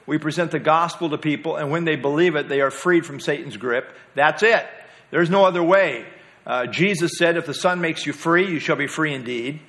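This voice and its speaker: A man leads a small-group Bible study in a relaxed, conversational way. His voice sits a little higher than most men's, and he uses many filler words while leaning hard on key words. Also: moderate pace.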